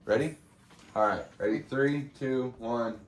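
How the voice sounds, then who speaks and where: A man's voice: mid-range voice, unhurried, recorded from a distance. A man hosting a podcast in casual chat, wisecracking and teasing his guests. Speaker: podcast host. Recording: echoey room.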